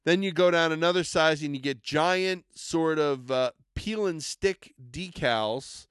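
A man's voice: a little high, unhurried, a bit bright, clear, resonant tone, no echo, clean studio sound. An enthusiastic man co-hosting a casual podcast, rambling a bit as he hypes collectible toys and products.

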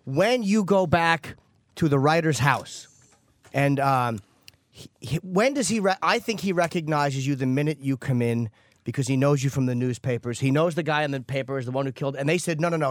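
A man's voice: mid-range voice, dry recording, clean studio sound. A man interviewing a guest, asking long, rambling questions that he corrects as he goes.

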